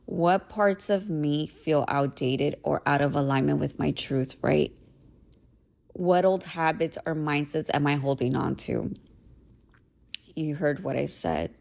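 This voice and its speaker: A woman's voice: deep voice, steady tone, takes it slowly, vocal fry, darkish tone. A woman in her thirties hosting a podcast, telling a personal story in a candid, emphatic way, swearing freely and often asking "right?". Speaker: podcast host. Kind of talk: casual storytelling monologue.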